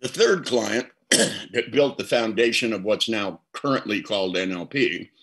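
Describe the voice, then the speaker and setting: An older man gives a storytelling interview answer as a guest therapist, his reflective stories marked by repeated words at the start of thoughts. The voice is fairly low and fairly bright, with lively intonation and an unhurried delivery, on a low-quality recording.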